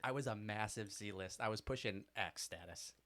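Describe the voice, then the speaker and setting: Young male co-host, animated, rambling storytelling chat. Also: fairly low pitch, moderate pace, no room sound. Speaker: podcast co-host.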